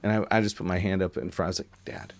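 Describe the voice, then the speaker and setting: Podcast co-host, middle-aged man, very low voice, chatty storyteller who slips into impressions. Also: very fast. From Pacific Northwest. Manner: storytelling, animated impressions, laughs often. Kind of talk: casual chat.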